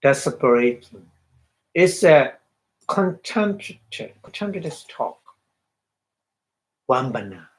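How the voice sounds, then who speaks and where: Slow, halting male Buddhist teacher. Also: medium pitch, big pitch swings, low-quality recording. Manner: halting, repeats phrases, checks in with "huh?". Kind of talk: dharma talk lecture.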